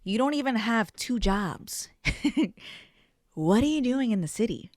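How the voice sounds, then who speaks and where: A woman's voice: fairly high pitch, animated, slow pace, darkish tone, no room sound, studio quality. A young woman hosting a solo podcast, telling stories casually with lots of swearing and self-mocking asides. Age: young adult. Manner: chatty, profane, self-mocking. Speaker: podcast host.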